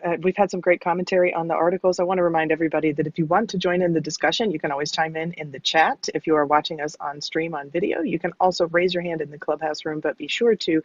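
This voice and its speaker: A man co-hosting and moderating a live audio show, giving announcements in a smooth, playful announcer style. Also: on the high side, steady tone, fast, few pauses, no echo, highs cut off. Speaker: co-host and moderator.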